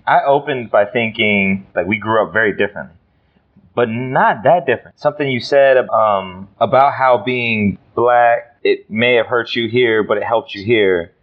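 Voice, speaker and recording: A man hosting a podcast, asking thoughtful questions with halting restarts. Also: medium pitch, phone-quality sound. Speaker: podcast host. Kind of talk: conversational podcast interview.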